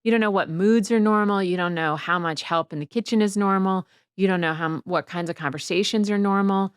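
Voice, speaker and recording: A woman's voice: mid-range voice, brisk, clean tone, no echo, studio quality. A middle-aged woman, a guest author, talking reflectively in a casual interview. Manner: reflective, quotes people in lively voices.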